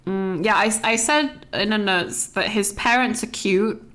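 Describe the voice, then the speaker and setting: A woman's voice: mid-range voice, a little slow, fairly bright tone. A young woman streaming a casual, sweary, rambling movie rant full of "like"s.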